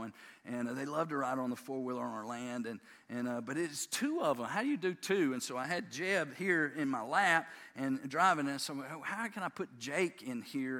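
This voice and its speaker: A man, preaching a sermon through folksy family stories and acting out his sons' voices. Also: mid-range voice. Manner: folksy, animated, acts out voices of his sons. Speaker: pastor. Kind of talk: sermon storytelling.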